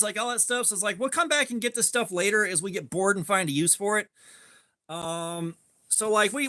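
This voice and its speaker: Greeting his chat as he goes, a live streamer spins a laid-back, rambling story while sharpening. He has a high-pitched, bright voice with a forceful tone, heard over slight background noise.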